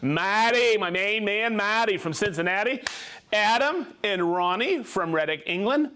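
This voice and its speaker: A man hosting a live tool show in casual chat, upbeat and laughing often as he reads out viewer shout-outs. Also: high voice, animated, a little slow, a little hiss or hum.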